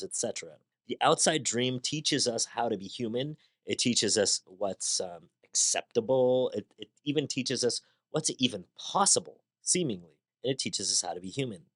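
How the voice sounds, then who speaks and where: A man hosting a podcast, talking through ideas in a conversational monologue with rhetorical questions and a personal story. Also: fairly low pitch. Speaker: podcast host. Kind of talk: reflective monologue.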